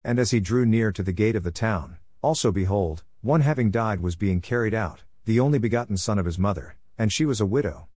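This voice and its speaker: Low-voiced man reading scripture aloud. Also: lively intonation, fairly quick, hardly any pauses, a little mellow, no echo. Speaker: scripture reader.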